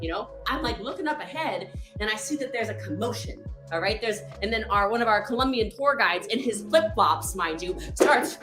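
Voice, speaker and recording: A woman's voice: mid-range voice, animated, a little fast, hardly any pauses, a bit bright, soft background music. A woman animatedly telling a story as a team leader, full of "like" and "literally", sounding exasperated. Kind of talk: storytelling anecdote. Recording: echoey room.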